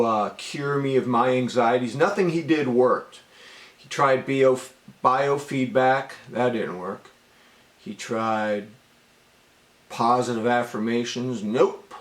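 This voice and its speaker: Middle-aged guy telling his own stories, lively and chatty, roomy echo. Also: medium pitch. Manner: animated, conversational, says "man" often. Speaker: storyteller. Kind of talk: casual monologue.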